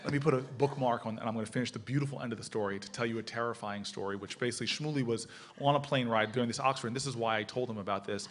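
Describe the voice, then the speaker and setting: A man telling a story to an audience at a panel event, acting out shouted lines. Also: medium pitch, racing. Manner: animated, acts out shouting quotes. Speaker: panel speaker. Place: lecture hall with audience.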